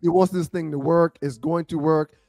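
A man co-hosting a talk show, telling an animated story in casual chat. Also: fairly high pitch, normal speed, dry recording, faint music behind. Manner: animated storyteller, acts out other people's voices. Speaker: co-host.

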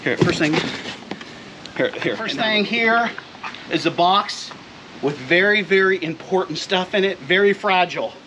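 A man's voice: high voice, unhurried, noisy background. A middle-aged man doing a jokey unboxing vlog outdoors by his car, hyping the product and talking straight to his viewers. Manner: playful hype, talks straight to viewers. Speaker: vlogger reviewing gear.

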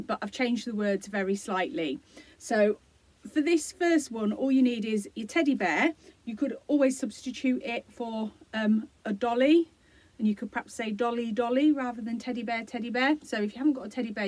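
A woman explaining, gently and encouragingly, how parents can use a song for self-care routines, with many fillers. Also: fairly high pitch, no room sound. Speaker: early years support practitioner. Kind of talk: instructional video for parents.

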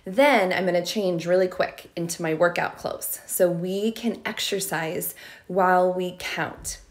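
A woman preschool teacher speaking to young children in a slow, sing-song, encouraging way, stretching out words as she claps them. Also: fairly low pitch.

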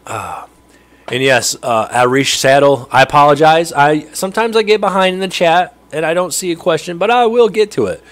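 A man's voice: a little high, moderate pace, fairly bright tone. A middle-aged man hosting a casual livestream from his home fishroom, rambling along as he answers viewer chat and chuckles now and then. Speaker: livestream host.

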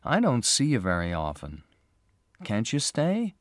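A man's voice: medium pitch, wildly swooping pitch, unhurried, no room sound, studio quality. A man reading a storybook, voicing an earnest young man who reassures the woman he loves. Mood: coaxing.

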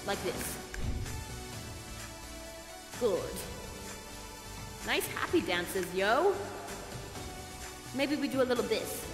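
An actress playing Rhonda, a bubbly, encouraging dance guide leading the audience through a playful performance in a live virtual theater show. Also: female voice, on the high side, lively intonation, drawn-out words, long pauses, roomy sound, long reverb tail, over music.

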